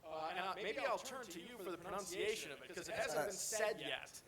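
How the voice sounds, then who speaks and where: A man speaks on a conference panel in a measured, formal, academic way. His voice sits a little high. Audience noise from the hall is heard behind him. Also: expressive, a loud crowd.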